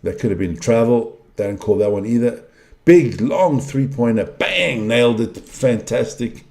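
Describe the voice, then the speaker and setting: A middle-aged man gives running live commentary on a game he is watching. He is openly frustrated, blunt and prone to swearing. His voice is mid-pitched with a dark, mellow tone. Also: a little slow, gravelly. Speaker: fan commentator.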